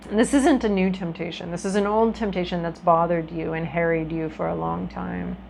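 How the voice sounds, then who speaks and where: Woman with a gravelly voice reading tarot. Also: fairly low pitch, steady tone, brisk, darkish tone, a little hiss or hum, rough recording. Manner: chatty and reflective, with frequent ums and restarts. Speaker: tarot reader. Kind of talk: casual tarot reading to camera.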